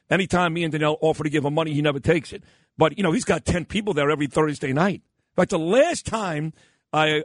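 A man's voice: on the high side, slightly rough, dry recording, studio quality. A man hosting a radio show, telling rambling anecdotes and acting out the voices of the people in them, laughing often. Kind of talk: casual on-air storytelling.

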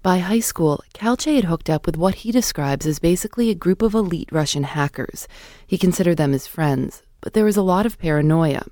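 A woman hosting a podcast, narrating in a measured, clear way and putting questions to her guest. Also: lowish voice, warm tone, dry recording, clean studio sound. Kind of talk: scripted narration and interviewing.

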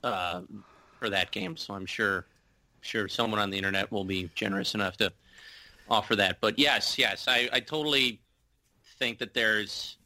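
Bright-voiced man in casual sports chat. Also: fairly low pitch, normal speed. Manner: rambling, animated, many restarts and filler words. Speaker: podcast co-host.

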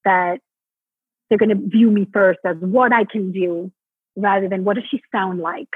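Husky woman on a tinny phone line. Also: medium pitch, normal speed, dry recording. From Mexico. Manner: animated, restarts often. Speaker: Broadway actress guest. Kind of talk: casual interview talk.

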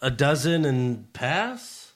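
A man's voice: mid-range voice, very animated, slow pace. A man hosting a casual podcast, joking and swearing as he reads out listener questions. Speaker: podcast host. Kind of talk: casual chat.

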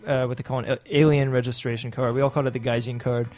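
A young man telling stories in casual chat, animated, often imitating the people he describes. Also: mid-range voice, rapid-fire. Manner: animated storyteller, mimics officials. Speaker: podcast guest who lived in Japan.

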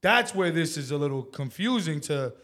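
Blunt New man, slightly higher voice, swearing podcast co-host. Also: expressive, moderate pace, a bit bright. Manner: blunt, emphatic, swears freely. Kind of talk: casual chat.

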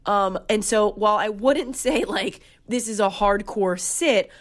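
A young woman co-hosts a casual fantasy football chat, firing off emphatic, animated opinions. Her voice sits at an everyday middle pitch. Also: a little slow. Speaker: fantasy football podcast co-host.

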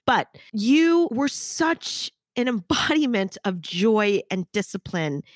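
A woman's voice: a little high, sing-song, takes it slowly, no room sound. A woman hosting a podcast, talking frankly and reflectively in long runs, cursing casually. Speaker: podcast host. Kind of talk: casual interview chat.

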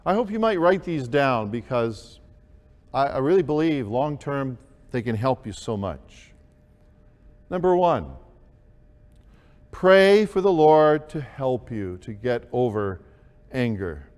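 A man preaching a sermon, slow and deliberate, with emphatic rises on key words. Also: mid-range voice, sing-song, darkish tone, big-room sound. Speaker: pastor.

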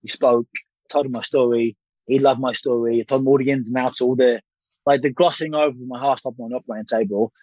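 A man's voice: medium pitch, fairly even intonation, fast, mellow, dry recording, lo-fi sound. A man in his thirties, a former boxer telling a long story as a guest, candid and swearing freely, with rambling restarts. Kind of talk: casual storytelling interview.

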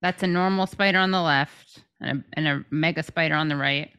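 A woman's voice: sits low, fairly even intonation, a little fast, sharp tone, clear, resonant tone. A woman co-hosting a podcast, chatting casually and jokily about odd news stories. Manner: jokey, puts on accents mid-story. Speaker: podcast co-host.

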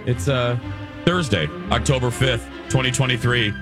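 A man's voice: medium pitch, moderate pace, over music. A man hosting a morning radio show in casual chat, telling stories with gleeful, playful exaggeration.

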